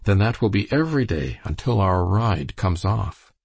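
A man's voice: on the low side, very animated, moderate pace, creaky, a little mellow, slightly rough, no echo, heavily acted. A man voicing a boastful young man who chaffs his rival in a storybook reading. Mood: taunting.

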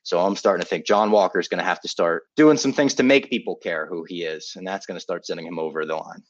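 A man's voice: low voice, fast, no echo, highs cut off. A man co-hosting a casual podcast, reading an ad and then retelling a show loosely, with swearing. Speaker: podcast co-host. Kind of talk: casual podcast chat with ad read.

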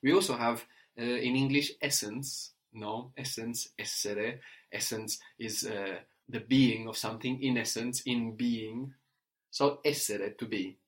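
A man's voice: mid-range voice, measured pace. A man teaching a spoken language lesson, patient and explanatory, who often tags his sentences with a questioning "no?".

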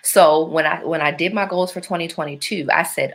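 Animated woman telling stories, lower voice. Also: fairly quick, few pauses. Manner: animated storytelling with playful put-on voices and asides to listeners. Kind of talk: casual reflective monologue.

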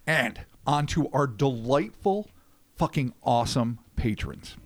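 A man's voice: mid-range voice, lively intonation, a little slow, no room sound. A man co-hosting a podcast, joking playfully and reading out names with mock grandeur. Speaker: podcast co-host. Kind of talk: casual podcast banter.

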